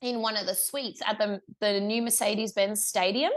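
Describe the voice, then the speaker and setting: A young Australian woman, a guest musician, tells a story in a casual interview with a mid-range, steady voice at a moderate pace. She's chatty and laughs often, with plenty of fillers and restarts.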